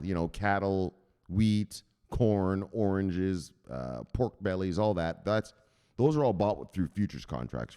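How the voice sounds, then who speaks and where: A man hosting a crypto news show, explaining in a rambling, excitable way, often laughing and correcting himself. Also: low-pitched. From United States. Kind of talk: casual explainer monologue.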